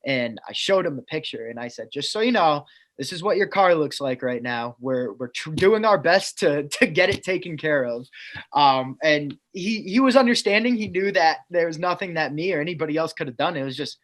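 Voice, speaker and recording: A man's voice: on the high side, lively intonation, normal speed, a bit bright. A man telling a funny work story on a podcast in a casual, chatty way. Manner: chatty anecdotal, laughs through stories. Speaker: team staff member telling stories.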